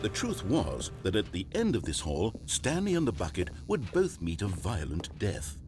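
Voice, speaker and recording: A man's voice: low-pitched, huge pitch swings, moderate pace, a little mellow, a little hiss or hum. An actor playing a dry, ironic male narrator of a video game, speaking with mock solemnity. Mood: wry.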